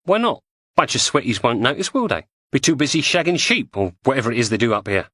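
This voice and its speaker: A man's voice: medium pitch, sing-song, fast talker, bright, forceful tone, dry recording, studio quality, pitched above the performer's own voice. A man voicing a bossy, volatile woman crook with an Estuary English accent, breezy and mocking.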